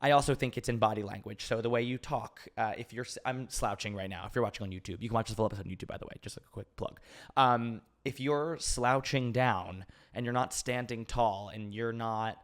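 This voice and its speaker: A podcast host in his twenties runs a casual Q&A on a podcast mic, rambling openly with lots of fillers and restarts. He's open and emotional and laughs easily, speaking fairly quickly in a mid-range voice.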